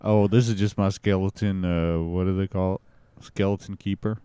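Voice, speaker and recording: A young man improvising a comedy sketch in a deadpan, low-key way. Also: moderate pace, smooth, no room sound.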